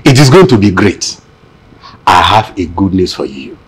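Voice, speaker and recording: A man's voice: low-pitched, big pitch swings, moderate pace, husky, heavily acted. An actor playing a self-absorbed church leader who is pompous and dismissive toward his son-in-law's grief, in a Christian film drama. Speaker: father-in-law, a church leader.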